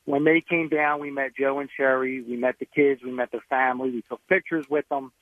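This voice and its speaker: A man's voice: medium pitch, little pitch movement, brisk, dry recording. A man calling in to a radio show, enthusiastically telling a story. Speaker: caller. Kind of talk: phone-in storytelling. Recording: tinny phone line.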